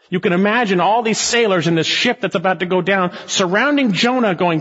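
A man's voice: sits high, lively intonation, a little fast, few pauses, a bit bright, husky, in a large hall, lo-fi sound. A man preaching an expository sermon, emphatic and dramatic as he walks through a passage. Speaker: pastor.

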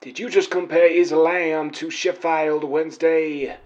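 A man playing a prank caller who impersonates a famous male boxer, slow and quarrelsome. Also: a little high, fairly even intonation, a little mellow, dull audio, close to an everyday voice. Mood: indignant.

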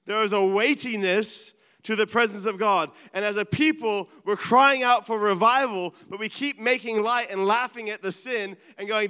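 Pastor preaching in a reverberant hall. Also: male voice, high-pitched, normal speed, hardly any pauses, clear, resonant tone. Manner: earnest, animated, drops to quiet asides. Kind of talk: sermon. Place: large church hall.

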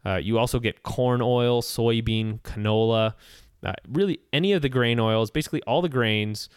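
A man hosting a podcast, explaining nutrition in a relaxed, steady way with casual fillers. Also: medium pitch, normal speed, clean tone, no echo, studio quality.

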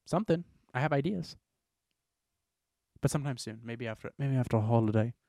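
A young American man hosting a casual podcast, telling rambling, animated stories. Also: medium pitch, brisk, dry recording, studio quality. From United States. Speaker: podcast host.

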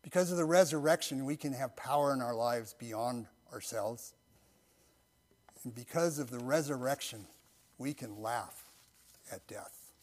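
Middle-aged male pastor, mid-pitched voice, intimate storytelling that turns hushed, then slow earnest prayer. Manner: soft-spoken, intimate storytelling that drops to near-whispers. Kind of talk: sermon with personal story and prayer.

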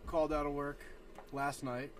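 A man's voice: a little high, little pitch movement, a little hiss or hum. A man co-hosting a casual studio show, teasing and urging viewers along. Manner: quick, teasing. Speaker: podcast co-host. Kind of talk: casual banter. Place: small studio.

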